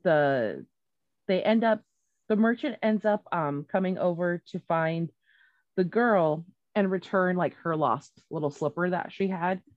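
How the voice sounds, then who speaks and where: A woman's voice: fairly low pitch, measured pace, no echo, lo-fi sound. A woman retelling a story in casual chat, rambling and swearing freely, with many fillers and restarts.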